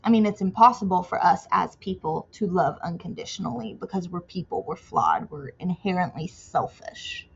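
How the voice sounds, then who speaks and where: A tired woman in a casual faith vlog, rambling and restarting her sentences, trailing off softly at times. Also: lowish voice, brisk, vocal fry, few pauses, slightly rough. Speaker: vlogger. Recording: dull lo-fi home recording with faint noise.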